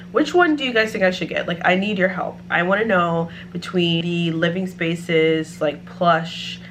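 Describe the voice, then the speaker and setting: A woman's voice: on the low side, a bit bright, slight background noise. A woman vlogger in casual chat, talking through home decor picks and thinking aloud with lots of "like" and "um".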